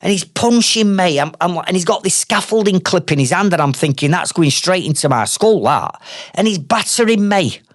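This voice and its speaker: A man's voice: high-pitched, fairly bright tone, dry recording, studio quality. A man with a Northern English accent, hosting a podcast and telling a story in a blunt, conversational way. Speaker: podcast host, trades business owner. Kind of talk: storytelling monologue.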